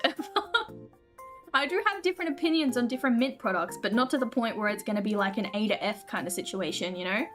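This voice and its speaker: Young Australian woman, game streamer, fairly high voice, giggly and chatty, faint music behind. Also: fairly bright tone. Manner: chatty, giggly, with frequent restarts; says she talks fast on stream. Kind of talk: casual chat with stream viewers during gameplay.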